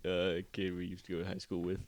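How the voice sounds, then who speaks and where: A young man co-hosting a podcast, joking in casual chat with quick asides and stammering restarts. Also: low voice, monotone. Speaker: podcast co-host.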